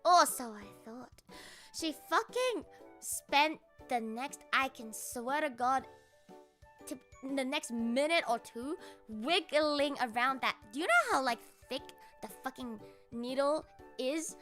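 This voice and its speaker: High, bright, swearing woman streamer. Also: takes it slowly, faint music behind. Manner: profane, animated, laughing. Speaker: livestreamer. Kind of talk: casual storytelling chat.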